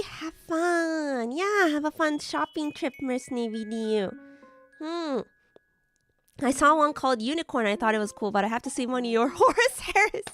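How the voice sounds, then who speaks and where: A young adult woman streamer, a bit hoarse from being sick, chatting with viewers while building models, giggly and full of filler words. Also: sits high.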